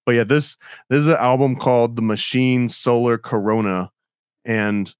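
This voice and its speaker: A man's voice: medium pitch, steady tone, moderate pace, clean tone, dry recording. A man hosting a podcast in a loose, easygoing way, laughing often and talking with plenty of fillers. His voice sits in a middle range. The sound is close and dry, with no room around it. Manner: laid-back, laughs often, lots of fillers. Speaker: podcast host. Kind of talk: casual podcast chat.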